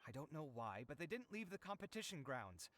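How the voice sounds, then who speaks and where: A man's voice: on the high side, sing-song, a little fast, a bit bright, a little hiss or hum. A man voicing a young male architect in a video game, exasperated and self-pitying, given to heavy sighs. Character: young male architect, frazzled, broke and dramatic. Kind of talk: game voice acting.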